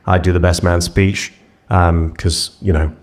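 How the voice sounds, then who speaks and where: A man's voice: sits low, flat delivery, measured pace. A young English man doing stand-up comedy on stage, self-mocking and rambling in his delivery. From England. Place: on stage before a live audience.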